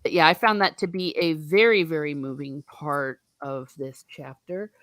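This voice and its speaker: A woman hosting a book discussion in casual chat, laughing often and throwing in quick asides. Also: low-pitched, a bit bright, no echo.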